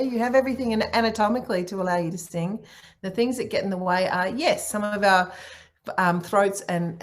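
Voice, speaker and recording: Woman, middle-aged, warm and encouraging guest on a video call. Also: on the low side. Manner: warm, encouraging, playful with her voice. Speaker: guest speaker, singer and author. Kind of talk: casual online talk answering questions.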